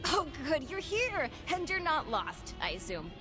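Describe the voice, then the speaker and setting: A perky sarcastic ghoul. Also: female voice, sits high, sing-song, measured pace, music in the background. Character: brisk, chirpy female ghoul scientist, busy and sarcastic.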